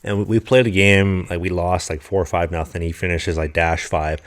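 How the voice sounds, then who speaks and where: Low-voiced man telling hockey stories. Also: fairly quick. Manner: animated storyteller, swears freely. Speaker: podcast co-host. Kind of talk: casual podcast chat.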